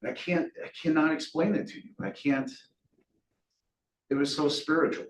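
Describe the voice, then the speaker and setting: A man's voice: fairly high pitch, moderate pace. Man, motivational speaker type, earnest storytelling with folksy humor, heard from a distance in an echoey room. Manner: earnest, animated, folksy with self-deprecating humor. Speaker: guest speaker. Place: meeting room. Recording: echoey room, distant mic, faint hiss.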